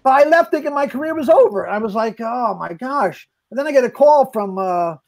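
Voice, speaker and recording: An older male comedian, a podcast guest, telling anecdotes in an animated way, acting out the quotes and often restarting his sentences. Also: very high voice, quick pace. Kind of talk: storytelling in casual chat.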